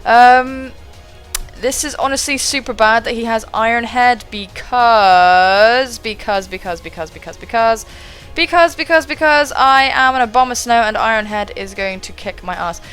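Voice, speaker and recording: A young woman doing excitable live game commentary, thinking aloud and swearing casually. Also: on the high side, moderate pace, clean tone, soft background music. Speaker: gaming channel host.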